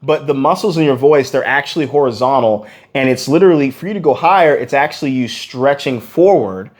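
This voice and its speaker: Man, vocal coach, energetic singing lesson, mid-pitched voice, counts off exercises. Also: brisk. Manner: energetic, demonstrates vocal sounds between explanations; says "okay?" often and counts in exercises.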